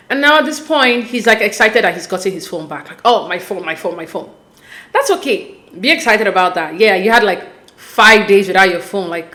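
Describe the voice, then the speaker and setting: A woman's voice: medium pitch, fairly bright tone. A woman hosting a casual show recap, talking animatedly and with exasperation straight to her viewers. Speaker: podcast host recapping a reality show. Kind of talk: casual commentary.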